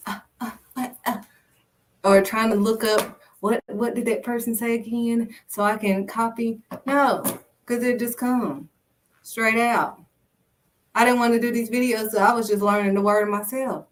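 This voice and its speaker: Emphatic woman preaching, slightly distant. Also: on the high side. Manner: emphatic, repetitive, conversational. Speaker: faith video host. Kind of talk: informal preaching monologue.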